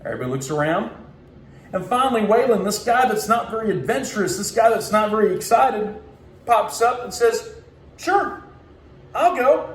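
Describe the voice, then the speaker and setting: A young man from Oklahoma giving a motivational keynote, energetic and telling a story while acting out the voices in it. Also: sits high, a little fast. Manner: energetic, acts out voices in his stories. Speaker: keynote speaker. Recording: echoey room, faint ambient noise.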